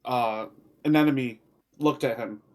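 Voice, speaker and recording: A man's voice: mid-range voice, a little slow, a little mellow. A man player talks casually at a tabletop game, describing his character's actions with fillers along the way.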